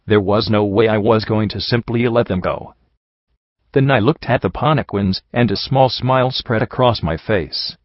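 A man reading a first-person story aloud in a steady storytelling voice. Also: on the low side, moderate pace, no echo, lo-fi sound. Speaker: audiobook narrator. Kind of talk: scripted narration of a fan story.

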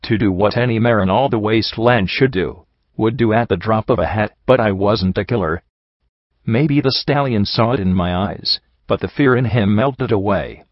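Brief: male audiobook narrator, brooding, lowish voice, dry close sound. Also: normal speed, dry recording, muffled recording. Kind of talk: first-person story narration.

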